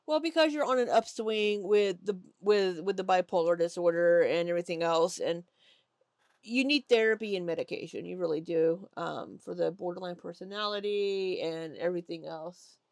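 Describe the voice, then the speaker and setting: A woman commentator with a somewhat low voice speaks bluntly and matter-of-factly. Her voice sounds close and dry, with no room echo. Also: moderate pace, darkish tone. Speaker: commentary host. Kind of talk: commentary on clips.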